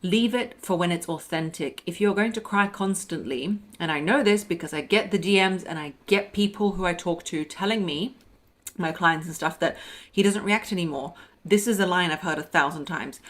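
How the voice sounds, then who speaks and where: A young adult woman with a somewhat low-pitched voice talks straight to her listeners like a coach. Her advice comes out blunt and emphatic, yet she keeps a close, confiding way of speaking. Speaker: podcast host and dating coach. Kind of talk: direct advice monologue.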